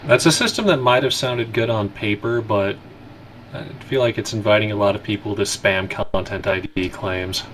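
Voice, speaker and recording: A man's voice: lowish voice, normal speed, fairly bright tone, slight background noise, rough recording. A man co-hosting a let's play, chatting casually with dry, teasing sarcasm. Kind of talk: casual gaming chat.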